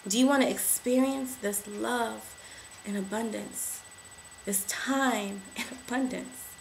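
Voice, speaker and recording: A woman giving an emotional testimony to camera, repeating affirmations and rising to shouts. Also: a little high, gravelly, slight background noise, poor audio.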